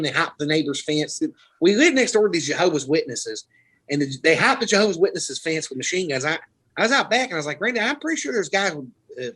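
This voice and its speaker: A man's voice: a little high, fairly bright tone, poor audio. A man from Florida, a podcast host telling rambling, profane stories in casual chat. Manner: rambling, profane, laughing storyteller.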